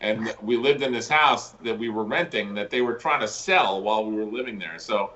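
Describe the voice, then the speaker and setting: A man's voice: fairly low pitch, moderate pace, a bit bright, lo-fi sound. A man in casual podcast chat, making dry, wry jokes and telling anecdotes.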